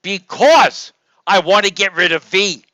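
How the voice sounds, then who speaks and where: High-voiced, joking lecturer man. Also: animated, a little slow, no echo. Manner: joking, coaxing, calls students by name; loud, projects voice to the room. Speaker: engineering professor. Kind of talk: lecture review session. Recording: dull lo-fi, dry sound.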